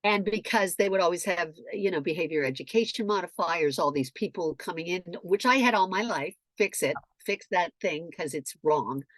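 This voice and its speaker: A middle-aged woman in casual storytelling chat, animated and profane, acting out shouted quotes. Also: fairly low pitch, normal speed, hardly any pauses, dry recording, clean studio sound.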